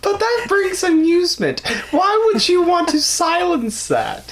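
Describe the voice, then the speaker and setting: A woman's voice: very high voice, wildly swooping pitch, measured pace, slight background noise. A woman co-hosting a casual podcast chat, playful, teasing and profane. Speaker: podcast co-host.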